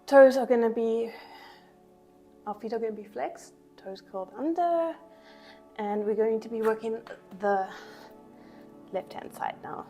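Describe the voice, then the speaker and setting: Woman pilates instructor cueing and counting reps while doing the moves herself, slightly winded, mellow tone, faint music underneath. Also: a little high, measured pace. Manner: counts reps and cues breathing while exercising along. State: a little out of breath. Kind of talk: workout class instruction.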